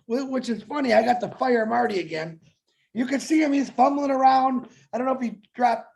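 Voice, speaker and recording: A man's voice: very high voice, gravelly. A man co-hosting a webinar, chatting casually and telling jokey stories with a laugh. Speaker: webinar co-host. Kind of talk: casual promotional webinar chat.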